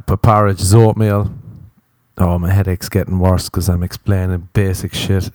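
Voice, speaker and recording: A young Irish man with a deep, mellow voice hosts a podcast, launching into a profane, exasperated, sarcastic comic rant as a solo monologue. The recording is dry with clean studio sound.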